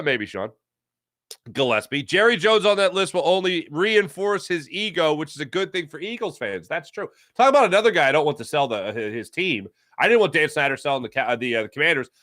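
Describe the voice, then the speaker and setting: A man's voice: medium pitch, fairly bright tone, no room sound, clean studio sound. A man hosting a sports talk show, chatting casually and reading out viewers' live chat comments while greeting them by name.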